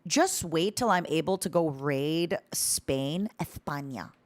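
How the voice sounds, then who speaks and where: Woman game streamer, playful and joking, very expressive pitch. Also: takes it slowly, a little hiss or hum. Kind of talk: casual gameplay chat.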